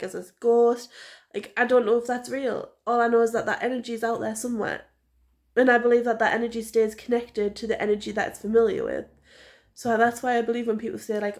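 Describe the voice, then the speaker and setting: A woman with a North East English accent talks to her camera at home, in the casual rambling way of a personal vlog. Her voice sits a little high, and she strings thoughts together with plenty of fillers and restarts. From North East England. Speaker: vlogger.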